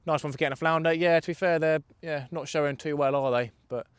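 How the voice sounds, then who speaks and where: Fishing outdoors on a riverbank, a young man from England chats on a livestream, cracking jokes and fielding viewer questions. He talks fast in a steady tone, his voice on the high side and clean, recorded dry.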